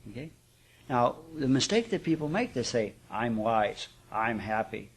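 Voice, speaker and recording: A man's voice: mid-range voice, sing-song, measured pace, slightly rough. A man giving a live spiritual class talk to an audience, speaking conversationally with rhetorical check-ins and chuckles. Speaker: spiritual teacher.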